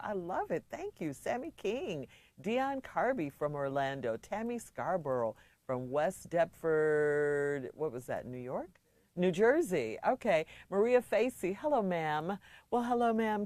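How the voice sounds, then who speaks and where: A middle-aged woman from Chicago co-hosting a radio show, chatting playfully with laughs, reading listener shout-outs and an advice letter. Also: low voice, dry recording. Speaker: radio co-host giving advice. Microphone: studio microphone.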